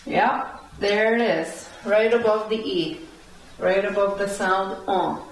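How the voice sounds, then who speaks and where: A woman's voice: mid-range voice, fairly even intonation, slow, a little hiss or hum. A woman teaching a language lesson, patiently repeating words and breaking them into syllables. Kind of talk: slow spoken language lesson. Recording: very echoey room, heard from a distance.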